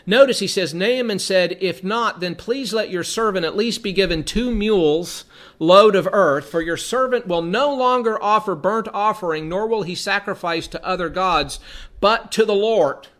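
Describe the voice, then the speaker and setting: A man's voice: sits high, normal speed, a bit bright. A man teaching from the Bible, reading passages aloud and then explaining them in a conversational way, often repeating words as he thinks.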